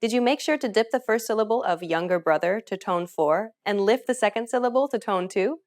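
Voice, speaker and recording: A woman's voice: medium pitch, a little fast. A woman narrating a scripted language lesson in an upbeat, encouraging way. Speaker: language teacher.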